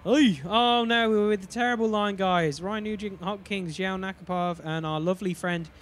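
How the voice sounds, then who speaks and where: A young man chatting excitably as he plays a hockey video game, cheering and grumbling with mild curses. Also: high-pitched, moderate pace. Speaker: gaming video host. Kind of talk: live gameplay commentary.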